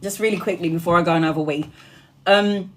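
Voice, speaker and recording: On a phone live stream, a woman working as a tarot reader chats casually, laughing often and swearing freely. Her voice is lowish and she talks fast, sounding lively but worn out after hours on air.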